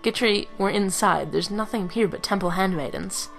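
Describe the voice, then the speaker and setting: A woman's voice: mid-range voice, moderate pace, vocal fry, soft background music, lightly acted. Brief: earnest plain-spoken young male mercenary leader, voiced by a woman.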